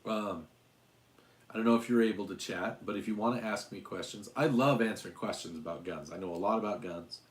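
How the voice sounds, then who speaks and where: A man's voice: fairly low pitch, brisk. A man in his forties from Utah, hosting a casual livestream chat, rambling and hesitant with many fillers and restarts. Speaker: channel host. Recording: roomy echo.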